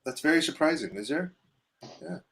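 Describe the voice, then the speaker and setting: A man's voice: a little high, lively intonation, normal speed, vocal fry. Rambling, profane man hosting a live stream. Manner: loose, profane, rambling shout-outs. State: stuffy from allergies. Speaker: host. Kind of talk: casual live-stream chat.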